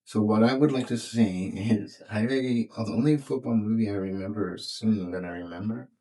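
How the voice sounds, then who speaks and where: A man's voice: fairly low pitch, moderate pace, warm tone, low-quality recording. A man co-hosting a podcast in casual chat, rambling with lots of fillers and restarts and swearing freely. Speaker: podcast co-host.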